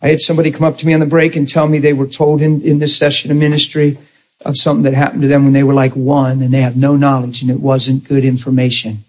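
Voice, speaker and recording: A man preaching a sermon to a congregation, telling a story with animated delivery and loud laughing outbursts. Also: medium pitch, quick pace.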